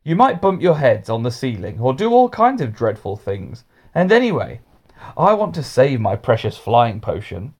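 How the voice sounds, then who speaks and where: A man's voice: medium pitch, very animated, normal speed. A man voicing a kindly, fussy male schoolteacher with magic powers in a storybook reading. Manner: gentle, then anxious and cross.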